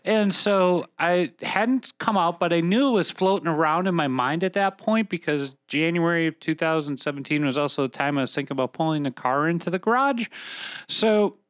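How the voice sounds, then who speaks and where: A woman hosting a podcast, talking in a rambling, halting way with frequent laughs. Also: lowish voice, no room sound, studio quality. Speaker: podcast host. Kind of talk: casual podcast chat.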